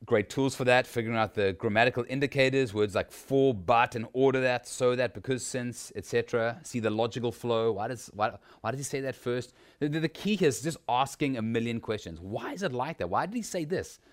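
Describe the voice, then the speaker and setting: A man's voice: medium pitch, fairly quick, few pauses, clear, resonant tone. A man, teaching a workshop on sermon preparation in a conversational way, with frequent restarts and rhetorical questions. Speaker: preacher teaching a preaching workshop. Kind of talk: informal teaching talk.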